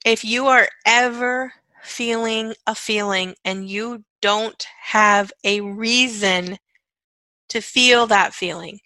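Woman, guided self-help talk, chant-like repetition, bright tone, dry close sound. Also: a little high, steady tone, takes it slowly, dry recording, rough recording. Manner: conversational, frequent "okay" and "right". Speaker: energy-clearing facilitator.

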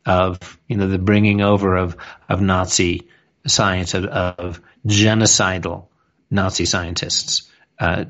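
A man's voice: on the low side, muffled recording. A man co-hosting a radio talk show, speaking in a rambling, conversational way with many restarts. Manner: rambling, frequent restarts and filler phrases.

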